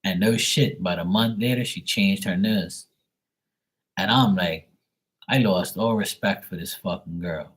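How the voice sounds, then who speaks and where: A man's voice: low voice, unhurried, slightly rough. A man hosting a live stream who tells stories in a rambling, blunt, profane way. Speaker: live tarot reading host. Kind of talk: casual storytelling on a live stream.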